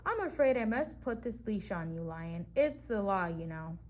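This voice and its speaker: A woman voicing a polite, smooth-talking man in a children's storybook, coaxing a lion with promises. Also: medium pitch, animated, moderate pace, lightly acted. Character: smooth-talking scheming adult man, circus recruiter.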